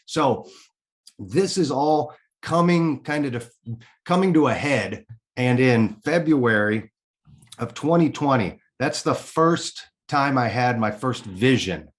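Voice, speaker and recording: A man's voice: mid-range voice, animated, takes it slowly. Candid, earnest man telling his story. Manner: candid and earnest, swears casually. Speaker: podcast guest. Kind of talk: personal storytelling in an interview.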